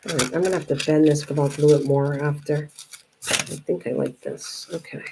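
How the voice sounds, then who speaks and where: An older woman with a lowish voice hosts a live crafting stream. She greets viewers by name in friendly bursts, then drops into quiet muttering to herself as she works. A faint hum of noise sits behind her. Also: steady tone, normal speed. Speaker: craft livestream host.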